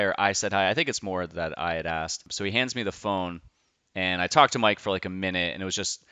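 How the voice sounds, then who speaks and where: Podcast host, man, deep and crisp, loose rambling delivery with casual swearing, dry close sound. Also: expressive, brisk, pushed and bright, no room sound, dull audio. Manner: loose, enthusiastic, swears freely, rambling asides. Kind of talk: casual podcast intro monologue.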